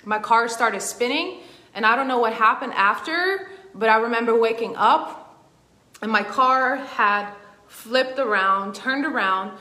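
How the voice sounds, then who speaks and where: Woman coach, bright voice, rambling conversational storyteller, roomy echo. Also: a little high, measured pace. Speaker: emotional intelligence coach. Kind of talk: personal story told in a masterclass.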